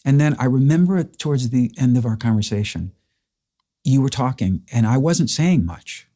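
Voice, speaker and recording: Male host, mellow tone, earnest and emotional storyteller in a relaxed sit-down chat. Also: mid-range voice, normal speed. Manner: earnest, emotional retelling with restarts. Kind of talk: casual interview storytelling.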